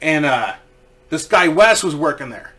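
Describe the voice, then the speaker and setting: A man's voice: fairly high pitch, unhurried. A man casually telling a story, swearing freely and acting out what people said. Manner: profane, animated, acts out quoted voices.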